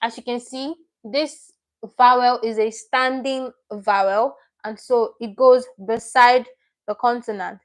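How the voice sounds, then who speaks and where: A woman's voice: on the high side, fairly even intonation, unhurried. A woman teaching a livestream lesson, explaining patiently step by step and repeating each word she teaches. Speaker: Korean language teacher.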